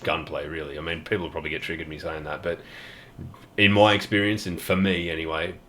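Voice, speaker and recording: An Australian man hosting a casual gaming podcast, sweary and quick to laugh. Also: low-pitched, little pitch movement, crowd noise. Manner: sweary, laughs often, trails off softly. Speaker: podcast host.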